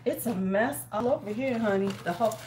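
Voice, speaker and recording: Her voice sits a little high and moves briskly over some background noise. She's an American woman running a relaxed beauty livestream at home in winter, greeting viewers by name, chatting, and muttering to herself while she works.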